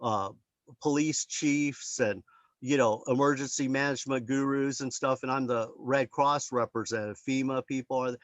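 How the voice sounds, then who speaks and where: A man's voice: medium pitch, steady tone, normal speed, no echo, muffled recording. A man presenting his book over a video call, telling stories in a rambling way and acting out the voices of the people he quotes. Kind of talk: casual talk on a video call.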